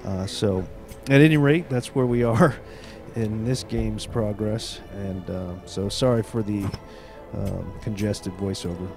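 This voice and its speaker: A man hosting a let's play video, stuffed up from a cold, talking in a relaxed, chatty way with plenty of fillers. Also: lowish voice, measured pace, vocal fry, over music. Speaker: gaming video host.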